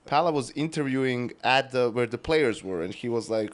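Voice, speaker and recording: A male podcast co-host with a middle-pitched voice chats casually. His delivery is flat and monotone, broken up by frequent laughs. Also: moderate pace.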